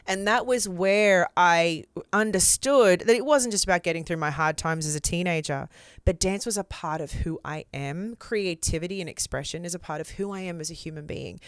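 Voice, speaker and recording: Australian woman, interview guest, smooth and clear voice, dry close sound, expressive candid storytelling. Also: lowish voice, moderate pace, no room sound. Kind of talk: casual interview chat.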